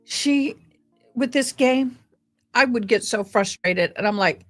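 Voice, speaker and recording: A woman with a fairly high voice hosts a casual live stream, chatting away about a game. She gushes affectionately over little details. Soft music plays faintly behind her. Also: takes it slowly. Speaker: live streamer hosting a fundraiser.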